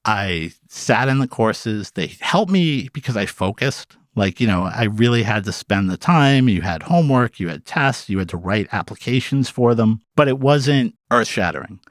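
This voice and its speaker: A middle-aged man spins casual stories in an interview, his voice sitting fairly low and jumping up whenever he acts out what someone said. He fills his sentences with "like" and "you know", and the sound is close and dry, with no room around it. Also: moderate pace, few pauses, no room sound. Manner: animated, acts out quoted dialogue with big pitch jumps; peppers speech with "like" and "you know". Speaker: interview guest. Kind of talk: casual storytelling.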